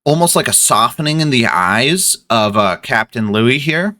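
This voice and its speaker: A man's voice: medium pitch, expressive, normal speed, pushed and bright, no room sound, clean studio sound. A man narrating as game master of a tabletop game, hesitant, with many ums and restarts.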